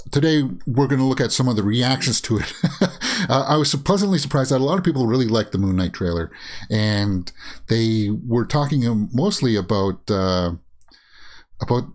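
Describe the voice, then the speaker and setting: A man hosting a casual movie news show, rambling through reactions with many fillers and frequent chuckles. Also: on the low side. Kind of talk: casual commentary while browsing and reading tweets.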